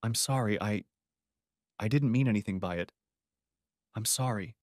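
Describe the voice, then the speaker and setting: A man's voice: medium pitch, lively intonation, normal speed, a bit bright, dry recording, clean studio sound, natural voice. Man playing an anxious, stammering young man, polite, storybook reading. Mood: nervous. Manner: stammering, apologetic. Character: awkward young man, nervous and polite, stammers when put on the spot.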